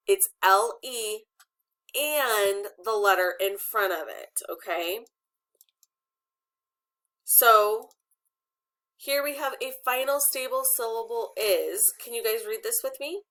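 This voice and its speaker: Slow, patient woman teaching phonics. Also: mid-range voice, fairly bright tone. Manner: patient, questions and prompts to pupils. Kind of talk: online phonics lesson for children.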